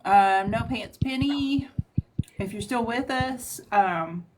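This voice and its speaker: A woman's voice: on the high side, takes it slowly, a little hiss or hum. A woman hosting a live call-in stream about paranormal stories, talking casually with a lot of hesitant fillers. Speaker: livestream host. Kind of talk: casual livestream chat.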